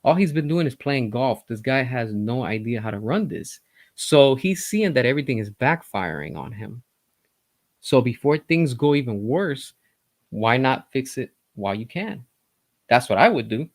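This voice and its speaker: A man delivers casual, opinionated commentary at a mid-range pitch, pressing his points and addressing his viewers directly. The recording is dry and close, with no room sound around him. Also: big pitch swings, normal speed, dry recording. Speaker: entertainment news commentator.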